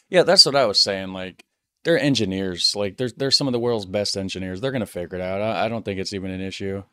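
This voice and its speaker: American male host, casual reaction talk, fairly low voice, dry recording, stumbles and repeats words. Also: fast talker, sharp tone, dry recording. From United States. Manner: chatty, repeats words when thinking aloud.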